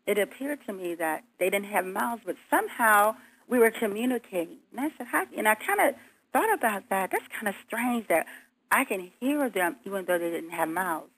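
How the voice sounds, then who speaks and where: A woman telling her story in an earnest, vivid way, voice at an ordinary middle pitch. She acts out her own pleas as she goes. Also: expressive, normal speed, a bit bright, low-quality recording. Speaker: guest. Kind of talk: recounting a near-death experience.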